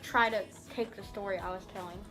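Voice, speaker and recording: A young woman chatting in a casual group vlog, excitable and quick to squeal. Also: mid-range voice. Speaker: vlogger. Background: music.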